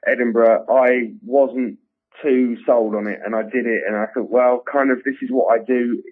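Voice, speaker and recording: A man, a comedian telling stories in a rambling, animated way and acting out the voices of others. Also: medium pitch, moderate pace. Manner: rambling, animated storytelling with acted-out quotes. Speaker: comedian guest. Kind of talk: casual interview chat. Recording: tinny phone-like sound.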